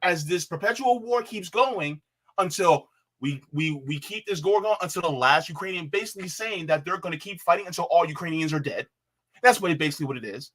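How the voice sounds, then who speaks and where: A man's voice: fairly high pitch, fairly quick. A man on a political panel, talking heatedly and repeating himself, calling people bruh. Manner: animated, repeats himself, says bruh, mimics others in quotes.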